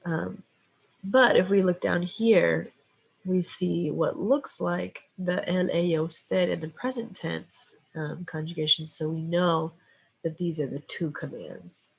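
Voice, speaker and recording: A woman teaches a recorded Spanish lesson, slow and patient, often pausing on "okay" and "um". Her voice is gravelly and a touch husky. The recording is dull and lo-fi. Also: lowish voice. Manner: patient, step-by-step explaining with frequent "okay" and "um". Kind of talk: recorded lecture with slides.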